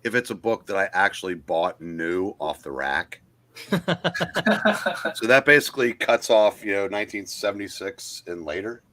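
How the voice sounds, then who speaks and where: An older man chatting casually about old comics, halting and restarting often as he reminisces. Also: on the low side, big pitch swings, sharp tone. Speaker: guest collector on a comic livestream. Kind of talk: casual chat.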